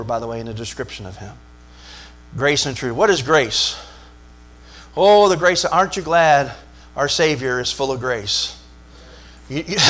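This man's voice is high-pitched with a fairly bright tone as he preaches. The pastor repeats his lines with emphasis, draws amens from the congregation in call-and-response fashion, and throws in jokes.

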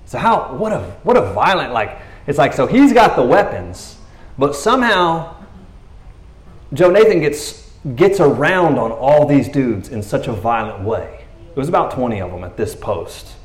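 Animated male preacher, echoey room. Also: medium pitch, a little slow. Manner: chatty, laughs often, acts out the story in voices. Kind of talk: casual, animated sermon.

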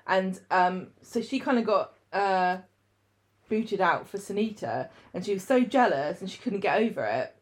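A woman's voice: mid-range voice, normal speed. Chatty woman retelling a story. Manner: chatty, enthusiastic, animated retelling. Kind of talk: casual chat.

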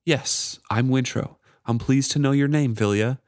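A man's voice: medium pitch, moderate pace, a little mellow, no room sound, clean studio sound, voice pushed up, natural voice. A man reading aloud as an earnest, polite teenage boy in an audiobook-style passage. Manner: pleading then formal, read aloud. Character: young male prisoner-apprentice, earnest and polite.

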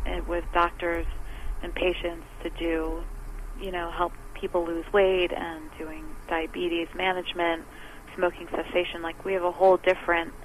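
A woman's voice: on the low side, rough recording. A woman business owner is a guest on an interview, with faint noise in the background. She talks chattily and explains her ideas in simple, everyday examples. She often acts out what other people say. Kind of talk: conversational interview.

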